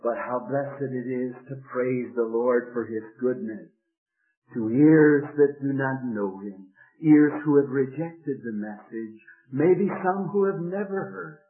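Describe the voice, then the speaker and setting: A man's voice: mid-range voice, slow pace. An older man preaching a sermon, telling his own conversion story in an earnest voice that rises and falls. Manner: earnest, rising and falling with emotion. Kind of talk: sermon with personal testimony. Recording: tinny phone-like radio broadcast.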